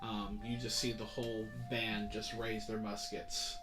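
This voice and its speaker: A man's voice: on the low side, little pitch movement, unhurried, music in the background. A man narrating a tabletop game as game master, loose and casual with many fillers. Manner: casual, many ums and kinda.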